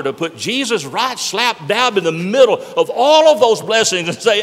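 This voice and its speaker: A man's voice: a little high, sing-song, normal speed, few pauses. Older male preacher, emphatic sermon, rhetorical questions, reverberant church hall. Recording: echoey hall.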